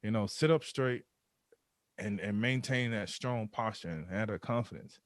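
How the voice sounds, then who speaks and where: A man, a podcast guest, telling a candid personal story in an animated way and acting out his own thoughts. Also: on the low side, normal speed, dry recording, clean studio sound.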